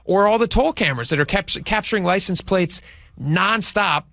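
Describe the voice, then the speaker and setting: A man co-hosting a talk radio show, arguing his points emphatically, his pitch jumping on stressed words. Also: animated, normal speed, creaky, pushed and bright, no room sound. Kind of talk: opinionated talk radio chat.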